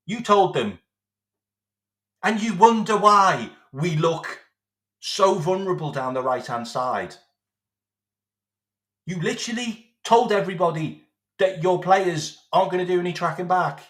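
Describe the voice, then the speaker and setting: A football fan vlogger rants sarcastically and with swearing, repeating his points in an expressive, high voice. He speaks a little slowly with frequent pauses, and the fairly bright tone sounds roomy.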